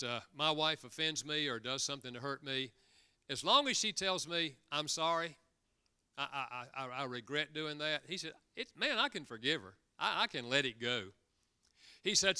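A man's voice: mid-range voice, bright, forceful tone, clean tone. A man preaching a sermon in a church, telling stories and acting out quoted lines, sometimes repeating words as he goes. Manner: storytelling with acted quotes. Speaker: guest speaker.

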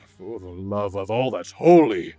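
A man voicing a stern, deep-voiced male dwarf warrior in an audiobook, speaking in urgent shouts. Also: lively intonation, normal speed, vocal fry, no echo, faint music behind. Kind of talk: audiobook character voice.

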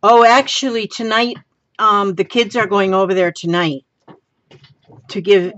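A woman's voice: mid-range voice, unhurried, highs cut off. A woman making a casual craft vlog at home, gushing and exclaiming over her supplies. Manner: gushing, excitable, exclaims often. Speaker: craft vlogger.

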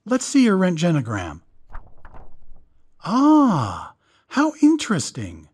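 A man voicing a scheming scholar who is politely, smoothly mocking. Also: high-pitched, wildly swooping pitch, normal speed, pitched above the performer's own voice, exaggerated voice. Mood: mock sympathy. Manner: mock-courteous, smoothly ironic.

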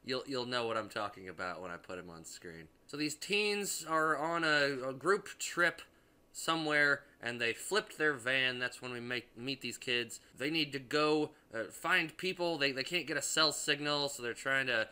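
Very bright-voiced, profane young man. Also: medium pitch, lively intonation, normal speed, clear, resonant tone. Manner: rambling, profane, frequent restarts and fillers. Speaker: movie reviewer. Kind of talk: casual spoiler review.

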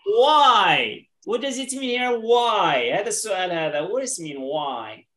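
This woman sounds expressive and a bit bright, her pitch sitting in the middle range. Teaching English in an online class via video call, she patiently repeats words slowly and shifts into Arabic, her native language, to explain.

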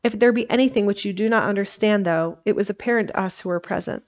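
A woman's voice: medium pitch, quick pace, a little mellow, lo-fi sound, natural voice. A woman reading as a grave Victorian doctor. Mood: solemn.

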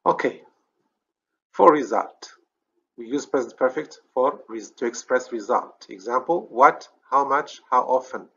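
A man's voice: mid-range voice, animated, a little slow, gravelly, pushed and bright, slightly rough, muffled recording. A man with a Moroccan accent teaching a recorded grammar lesson, explaining step by step, often checking "okay?" and correcting himself. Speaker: English teacher.

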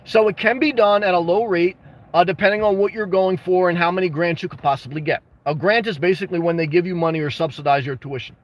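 A man hosting a casual livestream, answering viewer comments with blunt, jokey advice and bursts of excitement. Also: high-pitched, fast talker. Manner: reads and responds to viewer comments. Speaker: livestream host answering chat.

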